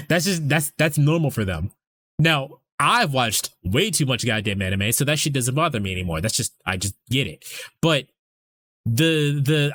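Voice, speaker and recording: A man's voice: mid-range voice, expressive, moderate pace, a bit bright, no echo. A young adult man streamer rambling casually to his chat, swearing freely and restarting his sentences often.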